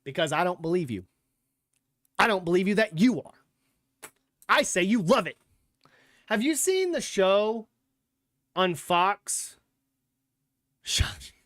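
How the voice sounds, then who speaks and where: A man's voice: high voice, sing-song, slow, long pauses, a bit bright, dry recording, clean studio sound. A young man hosting a livestreamed sports podcast, chatting loosely and sarcastically with some swearing. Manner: loose, rambling and sarcastic, with profanity. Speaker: podcast host. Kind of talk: casual livestream chat.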